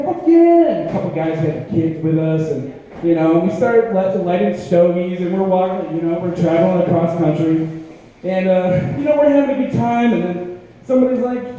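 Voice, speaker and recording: Male open-mic comic, slightly high voice, animated and foul-mouthed storytelling. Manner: profane, animated, self-mocking. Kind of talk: stand-up storytelling. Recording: echoey room with long reverb.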